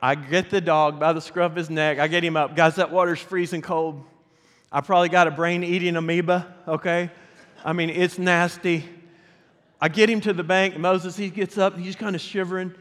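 Animated pastor in a reverberant church. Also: male voice, sits high, moderate pace. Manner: animated, addresses the congregation directly. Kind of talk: storytelling sermon. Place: church sanctuary. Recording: long reverb of a church hall.

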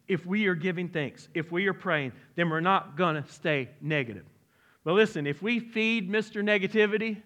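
A middle-aged man preaching a sermon in a church, lively and conversational, joking and asking the congregation direct questions. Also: on the high side. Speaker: pastor. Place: church sanctuary.

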